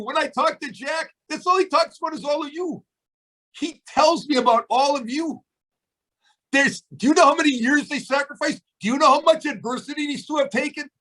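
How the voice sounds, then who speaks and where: A man in his seventies speaks on a video call, his voice sitting high for a man. He delivers an emphatic, preachy pep talk, firing off rhetorical questions at his team. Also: a bit bright, poor audio. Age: 70s. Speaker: motivational speaker to a sales team. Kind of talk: fired-up motivational speech.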